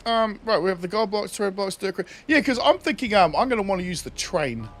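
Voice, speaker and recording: Young guy streaming a game, high lively voice, laughs a lot, swears, faint music behind. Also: fairly quick. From New Zealand. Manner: chatty, laughs often, swears freely. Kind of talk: casual gameplay livestream commentary.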